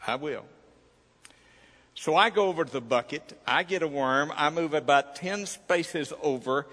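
A man's voice: fairly high pitch, normal speed, fairly bright tone, long reverb tail. A man preaching a sermon, telling a personal story in a folksy way and acting out its dialogue. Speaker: pastor.

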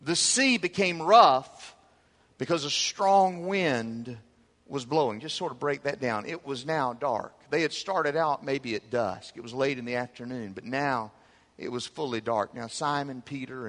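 A middle-aged male pastor preaching a sermon with emphatic swings between loud peaks and soft low asides. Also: measured pace. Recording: hall reverb.

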